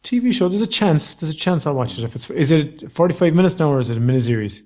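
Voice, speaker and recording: A man's voice: a little high, expressive, fast, darkish tone. A man co-hosting a casual review chat, wry and wordy with sardonic quips. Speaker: podcast co-host.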